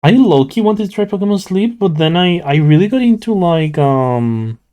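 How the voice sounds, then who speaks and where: A man's voice: high-pitched, animated, normal speed, mellow. A sleepy young man streaming, chatting casually with his viewers and rambling with lots of "like" fillers and restarts. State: sleepy, yawning. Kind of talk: casual chat with live chat while drawing.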